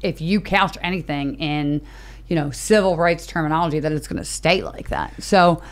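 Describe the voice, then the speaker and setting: Lady co-host on a political chat show, lowish voice, says "like" constantly. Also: animated, moderate pace. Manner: casual, filler-heavy speech with frequent "like".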